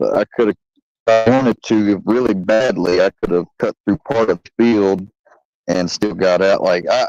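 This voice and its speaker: A man's voice: lowish voice, a little mellow, dry recording. A young man telling a long, profane story in a rambling, casual way, full of fillers. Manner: rambling and profane, with many fillers and acted quotes. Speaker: channel host telling a story. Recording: dry, slightly dull home recording.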